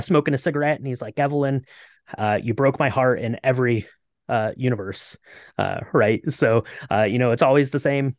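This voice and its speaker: A man's voice: mid-range voice, a little mellow, no room sound, clean studio sound. A man co-hosting a podcast, talking casually about a movie with a lot of hesitant fillers. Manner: rambling, lots of hesitant fillers. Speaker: podcast co-host.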